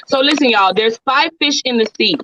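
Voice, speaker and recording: A woman's voice: fairly high pitch, moderate pace, bright, forceful tone. A woman guest on a livestream panel, teasing and playful in casual chat. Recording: dull lo-fi call with noise.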